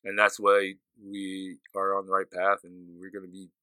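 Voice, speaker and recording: Easygoing man with a very bright voice. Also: deep voice, moderate pace, clean tone, dry recording. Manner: easygoing, animated storyteller, laughs often. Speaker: podcast co-host. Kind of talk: casual chat.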